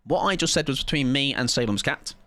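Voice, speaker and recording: A man's voice: mid-range voice, animated, a little fast, a bit bright, no room sound. A man streaming a game and bantering with his chat, rambling and teasing himself with frequent laughter. His voice leaps up and down expressively, and the sound is close and dry with no room around it. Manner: playful, rambling, self-mocking, laughs often. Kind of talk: casual live-stream chat with viewers.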